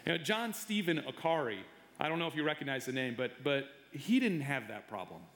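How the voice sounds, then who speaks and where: A middle-aged male pastor preaching a sermon, often repeating words as he restarts, and growing animated when he tells stories. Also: a little high, fairly quick. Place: church sanctuary. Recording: echoey hall reverb. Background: long hall reverb.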